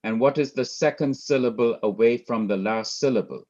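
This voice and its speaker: A man's voice: mid-range voice, normal speed, a little mellow. A man with a Jamaican accent teaching Hebrew grammar in a recorded lecture over slides, methodically repeating terms and counting syllables aloud. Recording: dull lo-fi recording.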